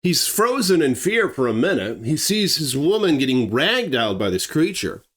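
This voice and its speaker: A man's voice: on the high side, big pitch swings, moderate pace, a bit bright. A man telling a true wildlife attack story in a blunt, emphatic, conversational way. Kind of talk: dramatic true-story narration.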